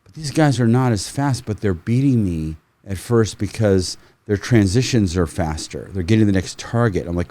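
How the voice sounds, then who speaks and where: A middle-aged man with a fairly low voice spins animated stories as a guest. He swears freely and acts out what people said, heard through a close mic in a dry room with no echo. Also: normal speed, hardly any pauses. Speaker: firearms trainer, podcast guest. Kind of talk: casual storytelling.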